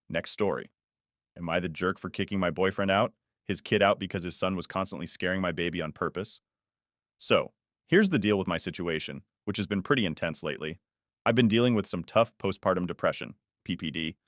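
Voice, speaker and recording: Low-voiced man reading stories, dry sound. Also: a bit bright, no room sound. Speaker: story narrator. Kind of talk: scripted narration.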